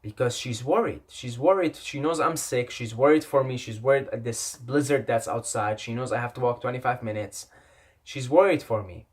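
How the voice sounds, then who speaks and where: A man's voice: medium pitch, moderate pace, slightly rough. Young man telling a rambling, sweary story. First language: not English. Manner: rambling, repetitive, swears often. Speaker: vlogger. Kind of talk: casual storytelling.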